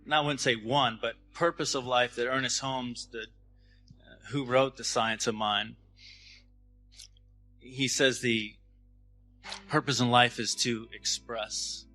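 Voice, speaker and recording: Bright-voiced man giving a spiritual talk. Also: mid-range voice, fairly even intonation, soft background music, low-quality recording. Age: 30s. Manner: gentle, halting, with frequent restarts and laughs. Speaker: spiritual speaker.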